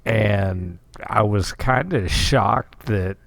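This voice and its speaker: Slow, gravelly-voiced man. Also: on the low side, fairly bright tone, no echo. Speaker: podcast co-host. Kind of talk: casual chat.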